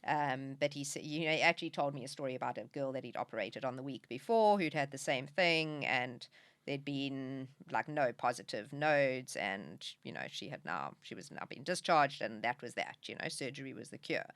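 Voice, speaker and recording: A middle-aged South African woman with a very deep, fairly bright voice speaks animatedly at a normal speed as a podcast guest. She talks candidly in a conversational interview, sometimes getting emotional and laughing through tears, with no echo in the recording.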